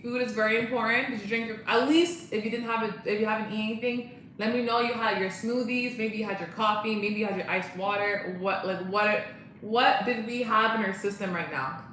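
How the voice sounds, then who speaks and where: A woman's voice: a little high, steady tone, a little fast, a bit bright, slight background noise. A young woman chatting casually on a live stream, bubbly and laughing often as she greets viewers. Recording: very echoey room.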